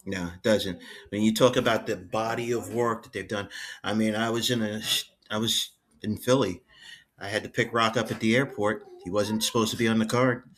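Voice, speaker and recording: A man, a guest on a podcast, telling backstage stories in an animated, laughing way and acting out what people said. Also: fairly low pitch, normal speed. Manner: lively, laughing, acts out quotes. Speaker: guest, former head of wrestling security.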